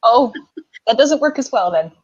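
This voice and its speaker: A woman's voice: fairly high pitch, expressive, moderate pace, slightly rough, lo-fi sound. A woman hosting a casual interview show over a video call, friendly and loose, laughing easily. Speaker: podcast host.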